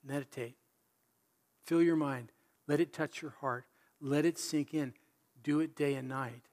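A man preaching a sermon in an animated, conversational way, full of rhetorical questions. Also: on the high side, unhurried. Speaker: pastor.

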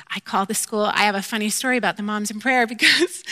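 A woman giving a candid, self-deprecating personal faith testimony, telling her story in an animated way and acting out her own quoted lines. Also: medium pitch, brisk, dry recording. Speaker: mother sharing a faith testimony.

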